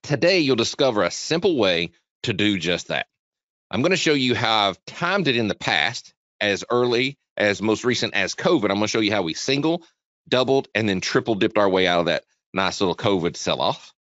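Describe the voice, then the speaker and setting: A man hosting a live trading webinar, chatty and energetic, talking quickly with frequent restarts. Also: on the low side, dry recording. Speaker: webinar host, trading educator. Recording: dull, dry lo-fi sound.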